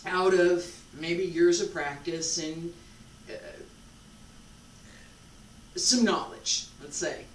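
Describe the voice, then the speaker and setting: A qigong instructor guides a breathing session at a very slow, even pace, letting long pauses fall between a repeated calm phrase. The voice sits at a middle pitch and sounds distant from the mic. The room gives it a roomy echo over faint background ambience. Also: a little hiss or hum.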